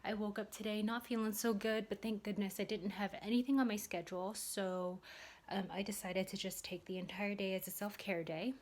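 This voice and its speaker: A woman's voice: mid-range voice, fairly even intonation, a little fast, slight background noise. A young adult woman vlogging casually at home, chatty and rambling, with lots of fillers. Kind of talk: casual vlog chat.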